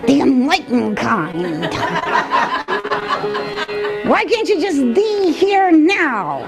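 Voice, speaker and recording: A woman's voice: high-pitched, huge pitch swings, very slow, vocal fry, over loud music, over a noisy crowd, full character voice. A woman voicing a playful, carefree stuffed toy snail in a puppet comedy skit, teasing and bouncy with a sing-song delivery. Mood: cheeky.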